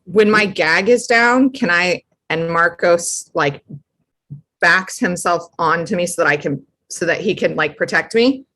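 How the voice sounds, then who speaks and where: A woman's voice: fairly low pitch, a little slow, fairly bright tone. A woman playing a tabletop game, who chats casually and teases the other players. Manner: chatty, teasing.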